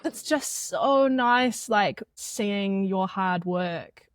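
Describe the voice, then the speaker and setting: A woman hosting a podcast, talking in a warm, affirming, conversational way. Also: mid-range voice, very slow, crowd noise. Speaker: podcast host. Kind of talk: casual conversation.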